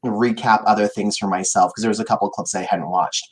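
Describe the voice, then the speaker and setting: A man's voice: lowish voice, fairly even intonation, quick pace, husky. A young man co-hosting a casual podcast, campy and theatrical, with crude jokes. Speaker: podcast co-host. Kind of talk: casual chat.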